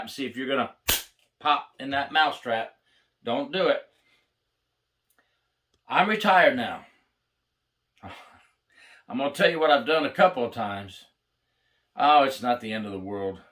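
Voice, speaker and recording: A man's voice: medium pitch, expressive, measured pace, pauses often, a bit bright. An older retired corrections officer, a man, telling blunt, wry stories about prison life in a casual, plainspoken way. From United States. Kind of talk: casual storytelling to camera.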